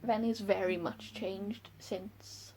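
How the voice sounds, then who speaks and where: A woman book vlogger chatting casually and excitably about characters she loves and hates. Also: mid-range voice, slight background noise, low-quality recording. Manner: gushing, excitable, quick laughs. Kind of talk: casual chat.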